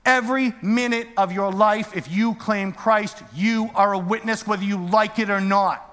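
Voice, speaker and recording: A male preacher with a high, bright voice delivers a storytelling sermon. He drops into quiet asides and then climbs back up to near-shouting. The sound carries the long echo of a large church hall. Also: steady tone, normal speed.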